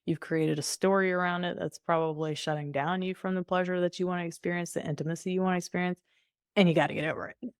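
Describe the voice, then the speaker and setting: A woman's voice: lowish voice, fairly even intonation, fast talker, clear, resonant tone, no room sound, studio quality. A woman coaching as a podcast guest, breezy and candid, laughing often and slipping into playful voices. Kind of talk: conversational podcast interview.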